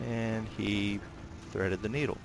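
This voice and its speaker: A man giving casual commentary while playing a naval combat game, talking in a relaxed, rambling way with many fillers and restarts. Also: fairly low pitch, slow, heavy background noise. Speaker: gameplay commentator.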